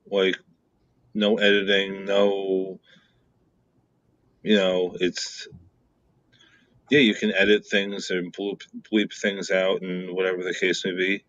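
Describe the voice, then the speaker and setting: A man co-hosting a casual podcast, eager and rambling as he talks. His voice is very deep. The recording sounds dull and lo-fi. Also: level tone, takes it slowly, pauses often, fairly bright tone. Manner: enthusiastic, rambling. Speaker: podcast co-host.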